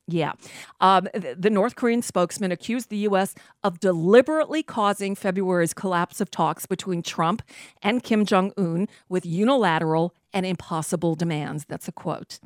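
A woman's voice: on the low side, no room sound. A woman hosting a political talk radio show, reading news items aloud and adding blunt, exasperated comments on a studio microphone. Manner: reads news items, then adds blunt exasperated asides.

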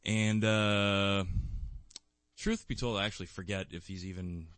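A man's voice: on the low side, steady tone, a little slow, fairly bright tone, clear, resonant tone, dry recording. A man co-hosting a podcast in casual fan chat, rambling with lots of fillers and restarts, with bursts of enthusiasm. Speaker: podcast co-host.

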